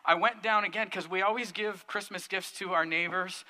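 A male pastor preaching a sermon, telling a story in an animated, emphatic way. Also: high-pitched, moderate pace, long reverb tail.

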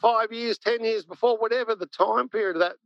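A man's voice: high voice, a little fast, dry recording. Blunt man on a dull, dry recording. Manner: animated, blunt storyteller who swears and laughs. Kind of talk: casual conversation.

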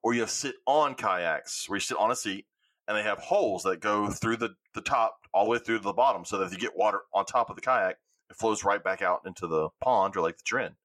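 A man, hosting a podcast and telling animated stories in casual chat. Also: fairly low pitch, a little fast, dry recording. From Louisiana. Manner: animated storytelling with swearing. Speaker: podcast host.

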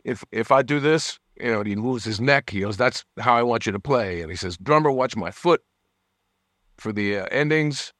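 A man's voice: medium pitch, lively intonation, moderate pace, a bit bright, dry recording, studio quality. A man telling a story as a guest musician in a casual interview, acting out the people he quotes and laughing often. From United States.

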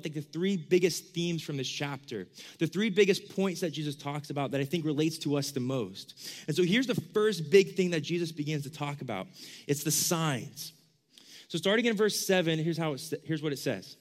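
A man's voice: on the high side, animated, fairly quick. A young man giving a casual sermon as a youth pastor, conversational and full of "like", acting out the questions he quotes. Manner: conversational, lots of 'like', acts out quoted questions.

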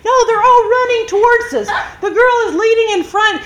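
High-pitched lady preaching, dramatic story, yells out the quotes. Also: moderate pace, hardly any pauses, a little hiss or hum. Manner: animated, dramatic storytelling, acts out shouts. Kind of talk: storytelling sermon.

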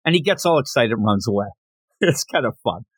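A man's voice: mid-range voice, lively intonation, a little fast, husky, no echo. Chatty man recapping comics, dry sound. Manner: chatty, slangy, reads characters' lines aloud. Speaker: podcast host. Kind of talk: casual manga recap podcast.

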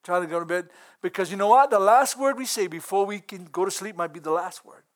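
A man with a high voice preaches in a folksy, earnest way. He is middle-aged and breaks into chuckles as he talks. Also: fast. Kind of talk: sermon.

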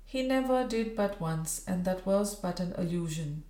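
A woman's voice: on the low side, lively intonation, moderate pace, mellow. Woman reading a Victorian story in a roomy space. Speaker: audiobook reader. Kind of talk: storybook narration. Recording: roomy echo.

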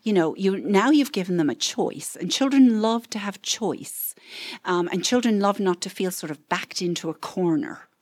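A woman's voice: mid-range voice, expressive, moderate pace, darkish tone, no echo. A woman counselor giving a parenting talk, telling stories and acting out what parents and children say, with frequent "right?" asides.

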